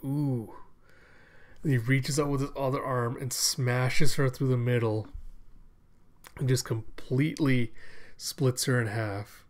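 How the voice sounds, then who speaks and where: A man reads through a comic at an unhurried pace, describing each panel in an amused, casual way. His voice sits at a middle pitch, and he talks like a fan sharing a favorite story. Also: fairly even intonation. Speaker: comic reader. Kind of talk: casual read-aloud narration.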